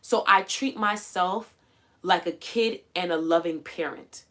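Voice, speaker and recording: Lowish-voiced woman coaching on a livestream. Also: a little slow. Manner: coaching, animated, acts out quoted voices. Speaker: livestream host. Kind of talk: casual motivational livestream talk.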